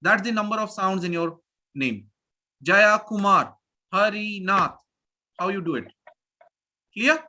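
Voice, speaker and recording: A man teaching pronunciation in a live online class, energetic and repeating phrases as he drills his students. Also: high voice, unhurried, pauses often. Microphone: video call.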